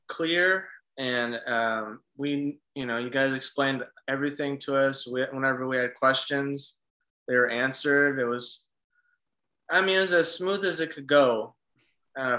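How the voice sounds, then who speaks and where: Guy talking haltingly in an interview, bright tone, lots of uh and you know. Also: medium pitch, rough recording. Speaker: interviewee, husband. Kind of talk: casual interview talk.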